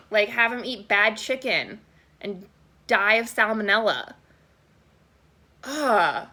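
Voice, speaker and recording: A young adult woman giving a casual, sarcastic book review to camera, animated and full of "like". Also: a little high. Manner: animated and sarcastic, heavy use of "like". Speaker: book vlogger.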